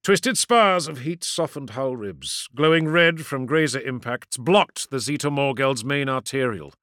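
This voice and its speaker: A man's voice: medium pitch, lively intonation, a little slow, a bit bright, no echo, studio quality. A man reading a science fiction audiobook in a dramatic, vivid narration style.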